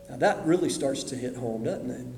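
A man preaching a sermon, swinging between loud emphasis and hushed asides. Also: mid-range voice, normal speed, a little hiss or hum. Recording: echoey hall with long reverb.

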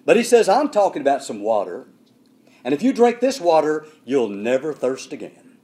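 A male preacher in full sermon delivery, emphatic and building through repetition. His pitch rises and falls widely, sitting a bit high for a man. He slows down to drive each point home. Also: big pitch swings, dark tone.

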